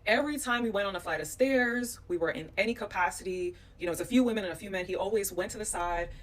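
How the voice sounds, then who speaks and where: A woman from the United States telling stories to camera, animated and emphatic. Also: mid-range voice, fast talker, recorded from a distance. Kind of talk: storytelling vlog.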